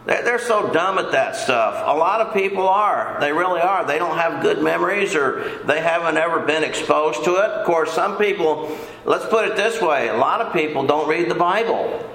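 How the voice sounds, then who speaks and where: A man's voice: a little high, normal speed, a bit bright. An older man teaching a casual Bible lesson in a folksy, rambling way, often repeating himself. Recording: echoey room.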